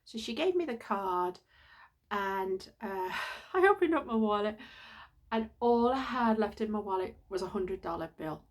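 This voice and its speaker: A woman's voice: mid-range voice, lively intonation, measured pace. A middle-aged woman vlogging, telling a personal story in an earnest, heartfelt, rambling way.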